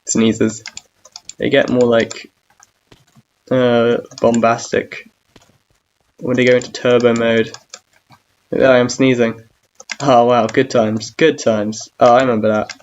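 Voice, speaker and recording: A man's voice: mid-range voice, little pitch movement, slow pace, long pauses, dull audio, a little hiss or hum. A young man chatting casually while gaming, rambling and self-mocking about his own awkwardness, humming and singing between lines. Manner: hums and sings between talk. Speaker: gamer streamer.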